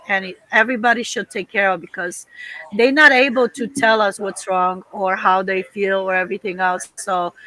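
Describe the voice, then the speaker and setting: A woman's voice: medium pitch, sharp tone, poor audio. A woman speaking plainly and earnestly as a guest on a casual livestream chat. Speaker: guest, mother of a host.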